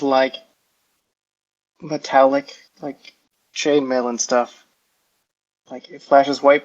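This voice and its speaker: A man talks slowly through his turn at a tabletop game, wandering through his descriptions with lots of "like" and "um". His voice sits at an ordinary pitch. The recording has a dull, lo-fi sound. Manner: rambling and halting, heavy on "like" and "um" fillers. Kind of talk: casual in-character describing of his hero's actions. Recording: dull lo-fi audio.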